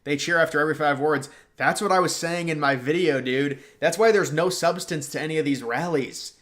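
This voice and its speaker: Hosting a political livestream, this young man speaks briskly in a fairly high, somewhat bright voice. His replies to chat are casual and slangy, and his sentences tend to trail away.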